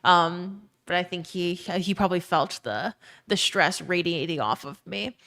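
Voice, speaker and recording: A woman's voice: on the low side, unhurried, fairly bright tone. A young woman streamer in casual chat, ranting with plenty of swearing and reading chat messages aloud. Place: her own emptied bedroom.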